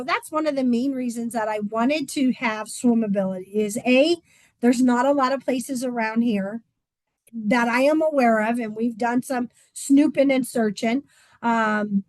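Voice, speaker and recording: A woman swim instructor talks casually in a fairly high voice, pausing often with "um" as she explains. The sound is dry and close, with no room echo. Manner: chatty, with frequent "um" fillers. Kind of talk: casual informational talk.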